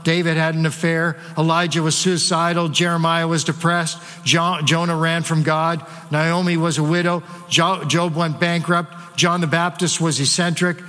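A man's voice: a little high, flat delivery, normal speed, few pauses, bright, forceful tone. A man preaching a sermon, talking conversationally and asking the congregation rhetorical questions. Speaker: pastor. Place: church sanctuary. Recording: long hall reverb.

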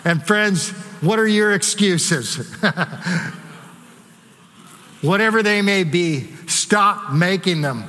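This bright, high-voiced male pastor preaches slowly and expressively, pausing often. His sermon is conversational, full of rhetorical questions for the congregation, and echoes with long hall reverb in the church sanctuary.

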